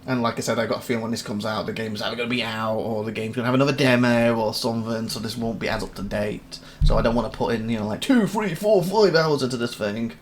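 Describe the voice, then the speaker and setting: A gaming channel host casually commentates a game demo in let's-play fashion, rambling and reasoning aloud as he reads through menus. He has a medium-pitched voice and a quick pace with few pauses. His speech is heard over loud game music with slight background noise.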